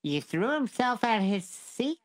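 A woman's voice: fairly high pitch, big pitch swings, unhurried, no room sound. Chatty, questioning woman co-host. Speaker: co-host interrupting the story.

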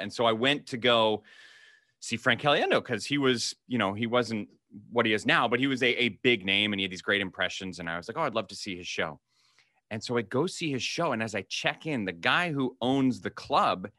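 A man in his thirties spins an anecdote as a podcast host, slipping into the voices of the people he quotes. His tone is bright and forward. The sound is close and dry, with no room around it. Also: lowish voice, no echo. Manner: animated anecdote teller, acts out quoted voices. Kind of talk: casual storytelling chat.

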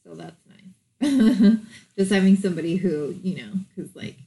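A woman's voice: mid-range voice, expressive, measured pace, mellow, poor audio. A woman co-hosting a podcast in casual chat, frank and talkative, swearing and laughing easily. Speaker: podcast co-host.

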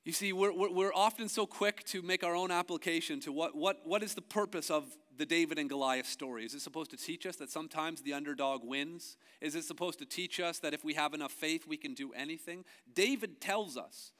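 A male pastor preaching a sermon who moves from low, slow emphasis to loud, rising passages. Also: long reverb tail.

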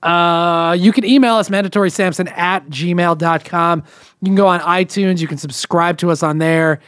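High-voiced podcast host man. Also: clean tone, dry recording, clean studio sound. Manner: animated, jokey, quick to laugh. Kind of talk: casual chat.

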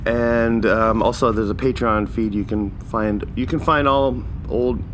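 A man's voice: mid-range voice, a little slow, noisy background. Rambling male podcast host. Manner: rambling, animated storytelling with laughs. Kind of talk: casual solo monologue.

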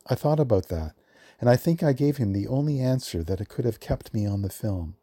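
A man reading a prepared film history at a measured storytelling pace, lifting his voice for the quotes he reads. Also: medium pitch, animated, warm tone, dry recording, clean studio sound. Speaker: film librarian guest.

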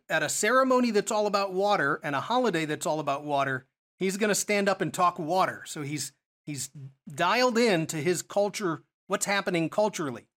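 A man's voice: sits high, fairly bright tone. A man teaching a Bible study lesson, explaining verses and asking rhetorical questions as he goes.

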